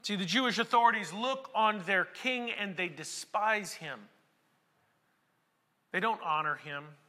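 A man delivers a sermon in a very high, bright voice, dropping low and quiet before rising into shouted emphasis. His words ring out with a long reverb, as from a large church hall. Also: measured pace. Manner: preaching with dramatic swings between hushed and shouted passages. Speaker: pastor.

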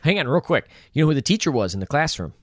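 A man's voice: on the high side, quick pace, no echo, clean studio sound. A man co-hosting a podcast, chiming in casually with trivia about a film. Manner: relaxed, short backchannels and trivia asides. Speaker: podcast co-host.

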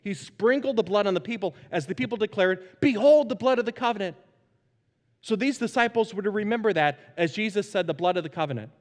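Male pastor, 30s, higher-pitched voice, animated sermon delivery, miked in a hall with long reverb. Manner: animated, acts out animal sounds in stories. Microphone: microphone.

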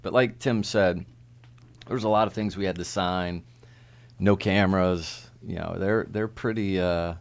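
A man with a very deep voice full of gravelly fry talks casually as a guest brewer. He speaks haltingly and restarts his sentences. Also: steady tone. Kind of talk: casual chat.

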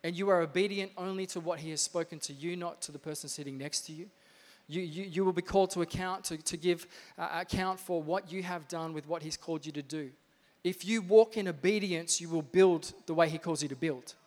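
A male pastor preaching an energetic, emphatic sermon with lots of repetition in a church. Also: a little high, fairly quick. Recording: reverberant church hall.

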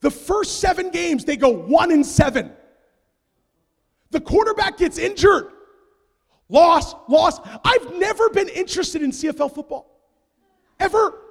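A man from Canada with a very high voice preaches and tells his story in a sanctuary, the sound ringing in a long hall reverb. He is an animated storyteller who drops into quiet asides and then bursts into shouts. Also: a little slow, gravelly, long pauses. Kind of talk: sermon storytelling.

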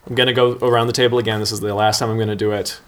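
A man's voice: on the low side, little pitch movement, rapid-fire, a bit bright. A man hosting a comedy table read, wry and self-deprecating, casting players and reading stage directions. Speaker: comedy writer and host. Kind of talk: improv comedy banter.

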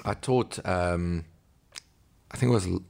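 Low gravelly man telling stories. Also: unhurried, darkish tone. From South Africa. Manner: storytelling, acts out quoted voices, many ums. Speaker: missionary pastor and teacher. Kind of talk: conversational interview.

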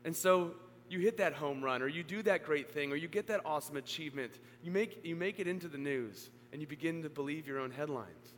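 A male pastor preaching a sermon to a congregation. He speaks earnestly, rising to emphatic peaks and then dropping low. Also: fairly quick, few pauses, a bit bright. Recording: long hall reverb, faint hum.

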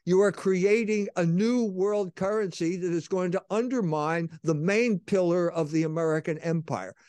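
A male co-host on a political talk show argues in a high, emphatic voice. His tone is sardonic, and the sound is dry with no room around it. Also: moderate pace, darkish tone, dry recording.

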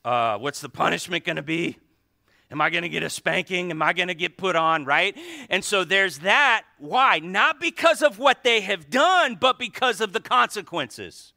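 Male pastor, sermon delivery, high and piercing, dry close sound. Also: sing-song, measured pace, gravelly, bright, forceful tone, dry recording. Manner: preaching with rising intensity, crying out to God.

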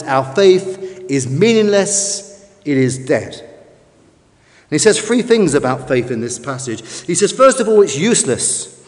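Man, high-pitched preacher, emphatic sermon delivery, echoing hall. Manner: emphatic, with slow drawn-out stresses. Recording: long reverb of a large hall.

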